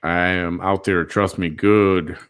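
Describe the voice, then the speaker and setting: Male host, low-pitched, blunt and profane, casual chat. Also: steady tone, slow, a bit bright, smooth. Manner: blunt and profane, speaks in restarts. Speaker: show host. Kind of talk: casual chat reading out viewer comments.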